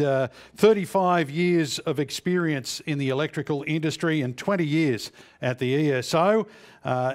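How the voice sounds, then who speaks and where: A man hosting a webinar, introducing speakers with frequent "uh" fillers. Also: a little high. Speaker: webinar host.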